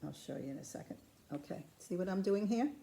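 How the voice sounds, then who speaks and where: A woman's voice: on the low side, fairly quick, gravelly, a little hiss or hum. A woman patiently demonstrating ceramic painting step by step, chatting to the camera as she works. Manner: calm, patient, chatty instruction. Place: craft studio.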